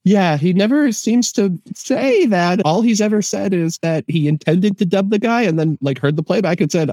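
Mellow-voiced man talking films. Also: high voice, normal speed, few pauses, dry recording. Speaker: podcast co-host. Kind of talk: casual film discussion.

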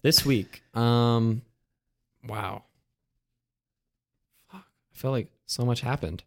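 A man's voice: medium pitch, slow. Playful man reading comedic romance. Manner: playful, swears casually. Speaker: podcast co-host. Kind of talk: comedic reading and casual chat.

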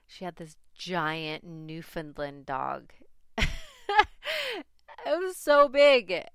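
A woman with a very clear, smooth voice, telling a family story at an unhurried pace. She is chatty and laughs often. Her voice sits on the low side, and the sound is dry and close. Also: no echo. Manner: chatty, laughs often, animated when recalling panic. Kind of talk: casual personal storytelling.

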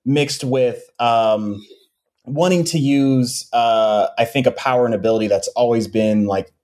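A man, a comics creator being interviewed, talking casually about his books with many pauses and restarts. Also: medium pitch. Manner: relaxed, many ums and restarts.

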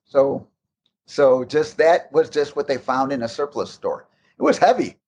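At a measured pace and medium pitch, a guest in a casual interview recounts making a game. He rambles through long, animated anecdotes and keeps restarting.

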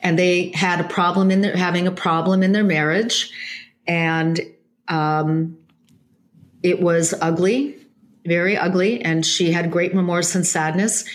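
A woman, a psychic medium, telling an anecdote in an interview, lively, with many restarts and self-corrections. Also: fairly low pitch, a little slow. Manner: animated storytelling with many restarts.

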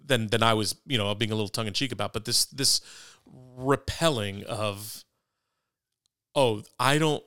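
A man's voice: fairly low pitch, moderate pace, hardly any pauses, sharp tone, clean tone, no echo, clean studio sound. A man co-hosting a casual faith discussion podcast, conversational and self-deprecating, often restarting his sentences. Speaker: podcast co-host.

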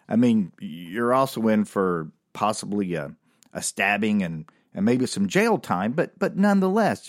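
A man's voice: lowish voice, no room sound, clean studio sound. A man casually telling a rambling, funny anecdote, laughing now and then. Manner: animated, rambling, laughs at his own story. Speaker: storyteller.

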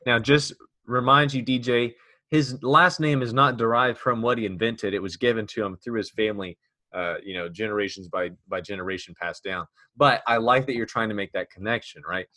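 Male podcast host, low-ish bright voice, dry close sound, rambling jokey delivery. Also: a little fast, no echo. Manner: joking, rambling, with restarts. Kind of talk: casual chat.

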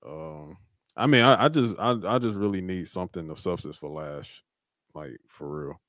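A man co-hosting a podcast, his voice sitting on the low side. He chats loosely, swears a lot, and slips into quick impressions when he retells a scene. The recording is close and dry, with no room sound. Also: a bit bright, no echo. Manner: laid-back, swears freely, acts out quoted wrestlers. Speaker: podcast co-host. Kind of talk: casual wrestling chat.

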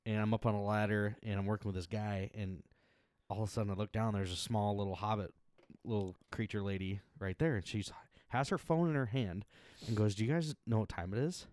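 A podcast co-host chatting casually and telling an animated story, swearing freely and laughing often. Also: male voice, lowish voice, brisk, clean tone, no echo. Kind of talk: casual chat.

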